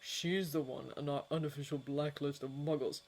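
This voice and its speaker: A woman voicing a calm, wry male wizard auror in a fanfiction audiobook. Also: a little high, normal speed, gravelly.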